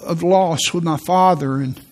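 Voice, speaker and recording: A man giving a sermon as a pastor, preaching in a church with slow, emphatic delivery and repeated key words. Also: on the high side, darkish tone. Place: church sanctuary.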